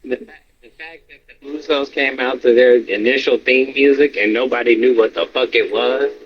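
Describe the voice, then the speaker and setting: A man co-hosting a podcast, talking casually and animatedly, swearing a lot and acting out reactions in high yelps. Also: fairly even intonation, normal speed. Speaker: podcast co-host. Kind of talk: casual wrestling chat. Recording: slightly dull with faint noise.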